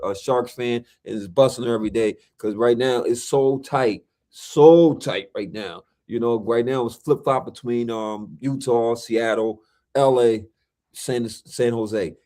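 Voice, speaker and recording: Brief: male podcast co-host, slangy and emphatic, keeps repeating himself, average pitch. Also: darkish tone. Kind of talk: casual sports and movie chat.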